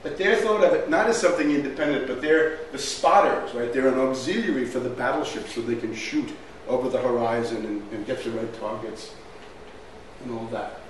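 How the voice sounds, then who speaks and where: A man's voice: mid-range voice, fairly quick, a little hiss or hum. A man giving a history lecture over slides in an emphatic way, often asking "right?" as he goes. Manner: emphatic, asks rhetorical questions, says "right?" often. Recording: very echoey room from far off, faint ambience.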